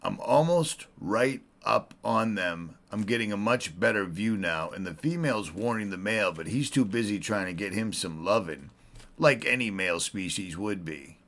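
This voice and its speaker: A man with a lowish voice narrating his own wildlife footage as he films it. He talks with his face pressed close to the camcorder's built-in mic, out on a windy mountainside in the snow, dropping dry, self-mocking jokes between observations. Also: expressive, normal speed, fairly bright tone. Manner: wry, self-mocking joking asides. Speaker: wildlife videographer. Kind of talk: on-the-spot wildlife vlog commentary. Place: outdoors on a snowy, windy mountainside in woods. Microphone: camcorder mic held very close to the face.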